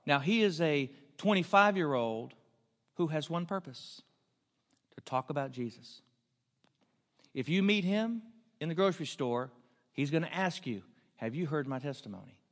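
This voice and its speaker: A man's voice: fairly high pitch, lively intonation, normal speed, pauses often. A man preaching a storytelling sermon, earnest and building to emphatic questions. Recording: long hall reverb.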